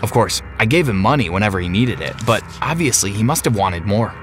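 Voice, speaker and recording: A man telling a first-person story as narrator, dramatic and slowing down for the tense moments. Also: lowish voice, expressive, a bit bright. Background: background music.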